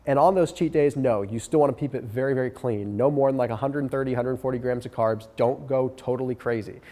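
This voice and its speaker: A man with a nasal, stuffed-up voice from a cold, answering viewer questions in a quick, direct, coaching way. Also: mid-range voice, dark tone, big-room sound. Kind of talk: casual Q&A advice.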